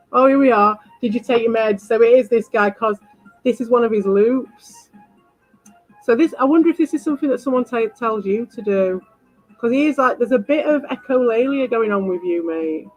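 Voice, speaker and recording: A woman with a fairly high voice rambles on a livestream, blunt, sweary and confrontational toward her chat. The sound is dull and lo-fi. Faint music plays underneath. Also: normal speed, darkish tone, no room sound. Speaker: livestream host. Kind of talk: rambling live chat to viewers.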